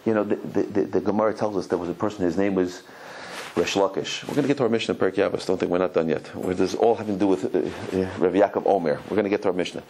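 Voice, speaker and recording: A man, a rabbi, giving a Torah lecture, telling stories animatedly, often repeating and restarting words, and acting out quotes with sudden high cries. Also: rapid-fire, slight background noise, low-quality recording. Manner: animated storytelling, acts out quotes with high exclamations.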